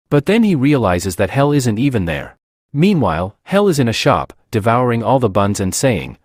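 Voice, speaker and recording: A man narrating a comic story recap in a brisk storytelling manner. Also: mid-range voice, big pitch swings, husky, dry recording, studio quality.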